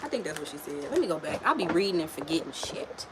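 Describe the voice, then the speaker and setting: Speaking quickly in a low, sing-song voice over music, a woman does a laid-back live-stream tarot and astrology reading. She doesn't mince words, uses slang, curses freely, and chats with viewers.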